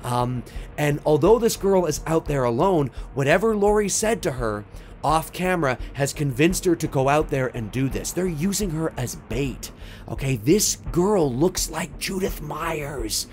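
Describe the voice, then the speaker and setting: A man's voice: fairly high pitch, expressive, a little slow, a little mellow, a little hiss or hum. A man casually talking through a film sequel idea, rambling with many restarts and frequent "right?" tags. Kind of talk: casual verbal walk-through.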